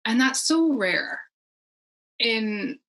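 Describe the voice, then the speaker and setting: A middle-aged woman chatting as a podcast guest, rambling warmly and laughing often. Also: on the high side, sing-song, drawn-out words, rough recording. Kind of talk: casual conversation.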